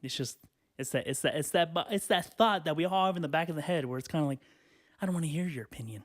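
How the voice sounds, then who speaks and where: A man hosting a solo podcast from a hot bedroom, rambling casually with lots of swearing and filler, a little out of breath and clearing his throat. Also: fairly high pitch, fast talker. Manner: rambling, profane, lots of "you know". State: out of breath and sweaty, standing. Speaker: podcast host.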